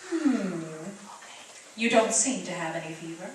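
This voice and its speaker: A woman's voice: lowish voice, lively intonation, measured pace, distant mic, slight background noise. A woman voicing a caring mother who fusses over her children in an old radio drama. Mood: fussing. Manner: fussing, solicitous. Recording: echoey old radio recording from afar.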